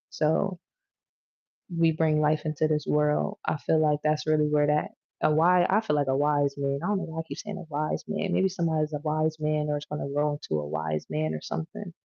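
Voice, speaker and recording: A woman with a dark, gravelly voice rambles through a tarot reading, swearing freely and chatting loosely with her viewers. Her pitch stays flat, and the close, dry sound comes across dull and lo-fi. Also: no echo. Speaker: tarot reader.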